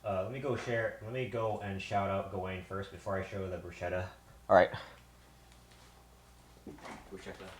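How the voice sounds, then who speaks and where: A man's voice: deep voice, flat delivery, a little fast, a little hiss or hum. A man streaming live from a home kitchen, winded and tired. He rambles to his viewers and swears often. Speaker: livestreamer. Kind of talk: casual live-stream chat.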